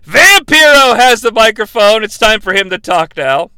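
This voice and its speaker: Bright-voiced, sarcastic man. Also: high voice, big pitch swings, moderate pace, few pauses, smooth, no room sound. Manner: sarcastic, swearing, jokey asides. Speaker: podcast host recapping a wrestling show. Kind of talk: casual comedic recap.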